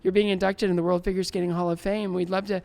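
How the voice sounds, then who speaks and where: Brief: man, 60s, gravelly voice, lively interview storyteller who acts out the dialogue. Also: high voice, quick pace. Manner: animated, laughs often, acts out remembered dialogue. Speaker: guest, former Olympic figure skater.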